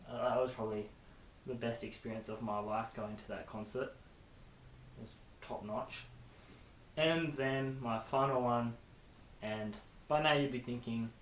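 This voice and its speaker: A man's voice: medium pitch, steady tone, a little slow, long pauses. A young man vlogging casually from his bedroom, chatty and rambling with self-deprecating asides. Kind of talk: casual chat to camera. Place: bedroom with posters. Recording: echoey room with faint hiss.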